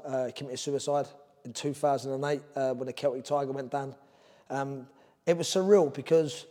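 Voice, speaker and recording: A middle-aged man from Ireland with a London Cockney accent speaks in a fairly high, warm voice, a long reverb tail behind him. A former boxer, he tells his story as a guest in a candid podcast interview, earnest and drifting between topics.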